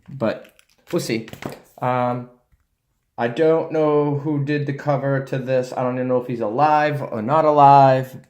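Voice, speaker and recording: A man chats casually to the camera, as if showing friends his collection. His delivery rambles, full of ums, uhs and restarts, in an ordinary mid-pitched voice. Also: darkish tone. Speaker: comic collector vlogger. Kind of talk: casual show-and-tell vlog.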